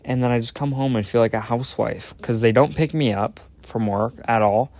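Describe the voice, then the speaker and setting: A man's voice: mid-range voice, fairly quick, a little mellow, dry recording. A young man hosting his own podcast, rambling in casual chat, swearing and cutting himself off mid-sentence. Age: young adult. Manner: rambling, sweary, self-interrupting. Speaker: podcast host.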